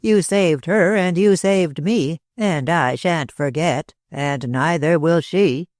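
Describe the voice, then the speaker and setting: A man voicing a talkative older man with an American accent, speaking slowly and dryly in a drawl. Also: fairly high pitch, no echo. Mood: effusive. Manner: drawling, slow and dry.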